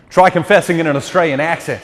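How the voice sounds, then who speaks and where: A man's voice: on the high side, a little hiss or hum. A man speaking as a deacon, giving a humorous talk to a live audience, joking and quizzing the listeners and laughing at his own lines. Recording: long hall reverb.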